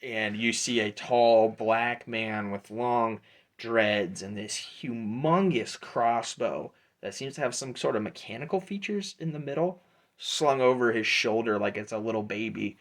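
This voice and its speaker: A man's voice: medium pitch, a little slow. A man narrating a tabletop game as game master, casual and rambling.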